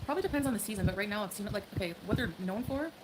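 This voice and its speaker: A woman's voice: mid-range voice, animated, rapid-fire, very noisy. A woman chatting casually with her stream viewers, greeting them by name. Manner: chatty, reads out viewer names. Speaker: livestreamer.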